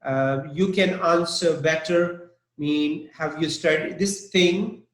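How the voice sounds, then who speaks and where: A man teaching English vocabulary, slowly repeating each word over and over for his students. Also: fairly high pitch, fairly bright tone, echoey room, poor audio. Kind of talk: online vocabulary lesson.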